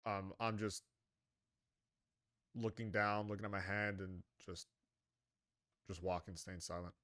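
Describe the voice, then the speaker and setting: A man's voice: low voice, level tone, a little slow, fairly bright tone, no room sound, clean studio sound. A man playing a tabletop game, stammering and weary as his character. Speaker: player. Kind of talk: casual tabletop play, in-character lines.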